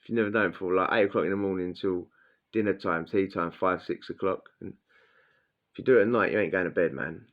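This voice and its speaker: A man's voice: deep voice, steady tone, fast talker. A man telling a blunt, crude prison story in casual slang, acting out what people said. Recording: dull lo-fi sound.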